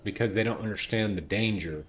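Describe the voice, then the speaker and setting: A man's voice: fairly low pitch, a little fast, slight background noise. A man giving casual, jokey commentary while playing a game. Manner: chatty, jokey, thinks aloud. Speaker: gaming streamer.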